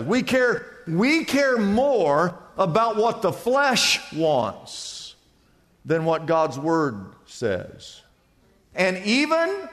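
A man with a high-pitched voice delivers a sermon from the pulpit. He preaches with emphasis, climbing on key words and then sinking low and quiet. The sound carries a long, ringing church reverb. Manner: emphatic preaching, swinging between loud and hushed. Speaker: pastor.

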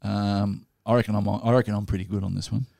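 Co-host, gravelly voice, dry close sound, playful rambler. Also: male voice, fairly low pitch, fairly even intonation, warm tone, no echo. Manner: playful, rambling, quick jokes. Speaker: podcast co-host. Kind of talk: casual chat.

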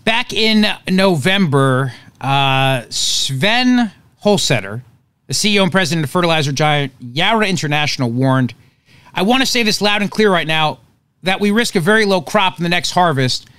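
A male talk show host with a fairly high voice delivers opinionated political commentary. He is emphatic and sarcastic and often restarts his sentences. He is recorded dry and close in a studio. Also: expressive, moderate pace, a bit bright, clear, resonant tone, no echo.

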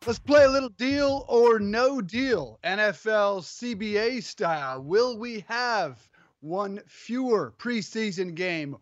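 Lively high-voiced man on sports radio. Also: dry recording, dull audio. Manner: lively, playful, upbeat. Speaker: sports talk show co-host. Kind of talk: casual sports radio chat. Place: home studio.

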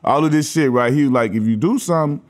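A man from Los Angeles sits in as a guest and spins casual stories in a notably high voice for a man. He acts out the people in his tales, shifting his voice for each quoted line, and laughs a lot as he talks. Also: fast talker. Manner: animated storyteller who acts out quoted voices, laughing often. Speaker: podcast guest, former basketball player. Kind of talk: casual storytelling chat.

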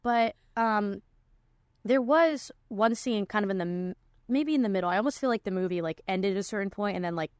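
A woman's voice: medium pitch, expressive, fairly quick, clear, resonant tone, dry recording, clean studio sound. A young woman hosting a casual podcast chat, talking loosely with many likes and restarts. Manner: chatty, many likes and restarts, laughs often. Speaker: podcast host.

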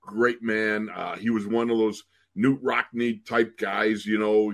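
A man in his sixties, a podcast co-host and former college football player, telling stories in casual chat. He laughs often and repeats words as he goes. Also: fairly low pitch.

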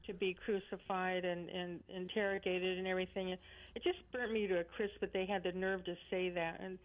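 A woman's voice: on the low side, flat delivery, brisk. A woman calling in to a radio show, chatty and earnest, rambling a little as she talks. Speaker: caller. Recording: phone line.

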